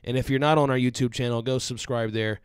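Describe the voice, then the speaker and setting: A man co-hosting a live football show, moving it along, giving shout-outs and reading promos in an upbeat way. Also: medium pitch, fairly even intonation, quick pace, clean tone, no echo. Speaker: show producer and co-host.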